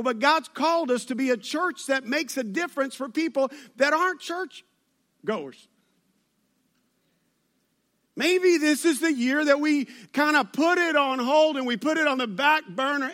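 A pastor with a drawl delivers a sermon in a high, light voice. He talks to his congregation conversationally and teases them with jokes. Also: bright, forceful tone. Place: church service.

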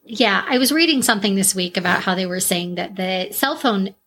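A woman's voice: medium pitch, animated, a little fast, fairly bright tone, slight background noise. A woman co-hosting a true-crime podcast, talking bluntly in casual chat and swearing freely. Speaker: podcast co-host.

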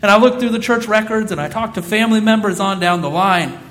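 A man's voice: high voice, quick pace, a bit bright. A man in his thirties preaching a sermon, earnest and repeating phrases for emphasis. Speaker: pastor.

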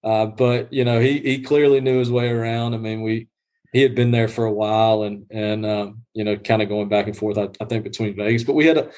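A man's voice: on the low side, fairly even intonation, fairly quick, darkish tone. Rambling man telling a story. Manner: rambling storyteller with many restarts and fillers. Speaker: guest groundskeeper. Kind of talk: casual podcast chat. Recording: livestreamed podcast.

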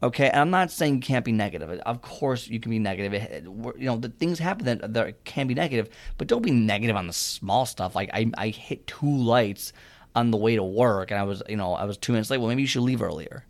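A man's voice: mid-range voice, expressive, fairly quick. Young guy rambling on about fitness mindset, keeps restarting sentences, earnest. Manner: rambling, restarts often, earnest advice-giving. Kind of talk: casual motivational monologue.

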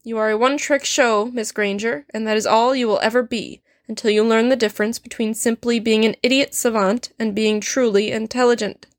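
A woman's voice: a little high, fairly even intonation, brisk, few pauses, no echo, clean studio sound, close to an everyday voice. A woman reading a story aloud, voicing a stern, sardonic male potions professor who speaks in a cold, clipped and cutting way. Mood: cold, scornful.

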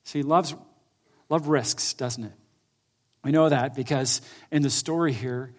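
A middle-aged man preaching a sermon in a conversational way, swinging between loud emphatic lines and quiet soft ones. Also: a little high, measured pace, long pauses. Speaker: pastor.

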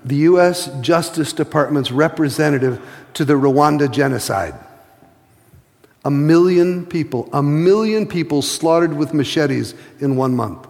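A man preaching a sermon, telling stories with passion and slowing to a hush for emphasis. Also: a little high, big-room sound. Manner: impassioned storytelling, slows to a hush for emphasis. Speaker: pastor.

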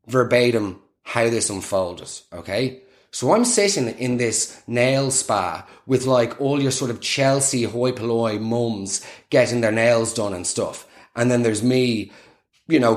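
A young man tells a funny story at his own expense. He rambles and circles back with plenty of fillers, and his voice sits at a middle pitch. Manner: rambling, self-deprecating, full of fillers. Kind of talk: casual comic storytelling.

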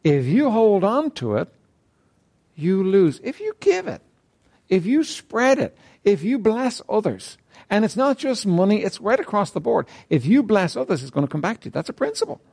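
A man's voice: high voice, very animated, normal speed, gravelly, a little mellow. A man preaching a sermon who speaks emphatically, repeats key phrases and keeps asking the congregation "right?". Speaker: pastor.

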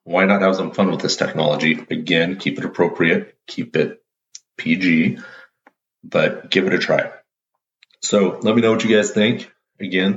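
A man's voice: low voice, gravelly. A man hosting his own show, telling a playful story in a casual, upbeat monologue. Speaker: show host. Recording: roomy, dull lo-fi audio.

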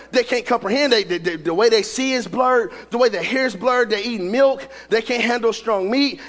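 A man preaching a sermon, telling a story in an animated way with repetition and humor. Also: extremely high pitch. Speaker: pastor. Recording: long reverb of a large hall.

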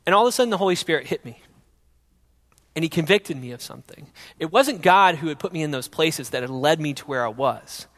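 A young man telling his personal faith testimony in an earnest storytelling way, going from loud to hushed. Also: a little high, expressive, a little fast, long reverb tail.

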